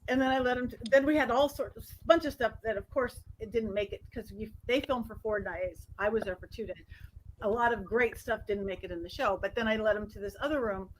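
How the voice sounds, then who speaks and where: Woman psychic medium, higher voice, animated chatty storytelling, quick to laugh. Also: a little hiss or hum, low-quality recording. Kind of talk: casual storytelling chat.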